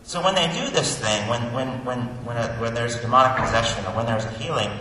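Male preacher, bright and lively voice, recorded from a distance in a reverberant church hall. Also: mid-range voice, brisk, a little hiss or hum. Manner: animated storytelling, acts out voices for comic effect. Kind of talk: sermon. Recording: echoey hall, distant mic, faint ambience.

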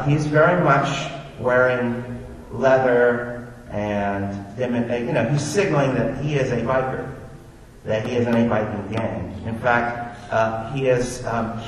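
Before an audience, a man from Orlando, Florida gives a personal testimony, telling stories in a chatty, self-deprecating, digressive way. His voice is lowish, with a little hiss or hum. The mic is distant, in an echoey hall.

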